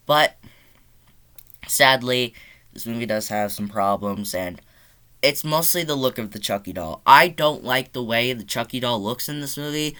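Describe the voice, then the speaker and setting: Excited young man rambling in his bedroom. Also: medium pitch, a little slow. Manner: excited, rambling, swears often, says "like" a lot. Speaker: movie reviewer. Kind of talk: casual review monologue.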